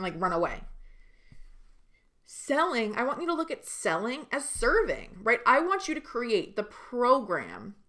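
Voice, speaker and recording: A woman's voice: mid-range voice, a bit bright. A woman business coach giving a live online training, speaking emphatically and talking directly to her viewers.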